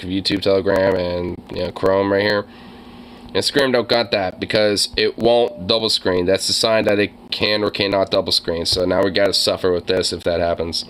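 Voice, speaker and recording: A young man streaming casually, rambling and swearing, quick to get excited. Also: fairly low pitch, slight background noise, low-quality recording. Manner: profane, rambling, easily excited. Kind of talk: casual livestream chat.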